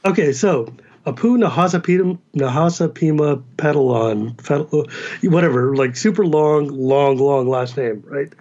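Cali guy chatting on a podcast, kinda high voice, muffled lo-fi sound, fast asides. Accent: Californian American. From United States. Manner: animated, quick asides and laughs. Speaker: podcast guest. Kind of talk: casual chat.

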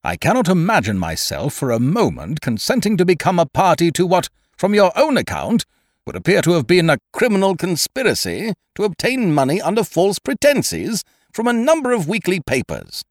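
A man's voice: mid-range voice, wildly swooping pitch, normal speed, darkish tone, no echo, studio quality, pitched above the performer's own voice. A man voicing a stiffly formal young male patient who talks in an odd, precise way. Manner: precise, stiff, pompous speech. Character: prim, oddly formal young male invalid.

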